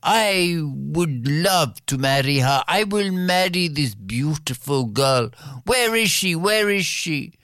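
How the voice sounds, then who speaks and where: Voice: medium pitch, expressive, slow pace, fairly bright tone, dry recording, clean studio sound. A storyteller voicing a proud, menacing peacock king who speaks in grand threats, in a told folktale. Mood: delighted. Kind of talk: told folktale, acted dialogue.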